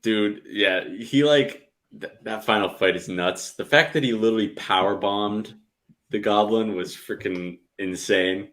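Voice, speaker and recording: A man's voice: on the low side, unhurried, a bit bright, poor audio. A young man co-hosting a podcast in casual chat, enthusiastic and slangy. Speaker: podcast co-host.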